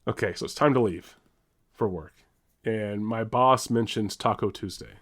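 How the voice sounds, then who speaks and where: A man's voice: fairly low pitch, normal speed, a bit bright. Rambling, laughing man telling a story. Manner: rambling, self-interrupting, laughs and swears while telling a story. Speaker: podcast co-host. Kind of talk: casual storytelling chat.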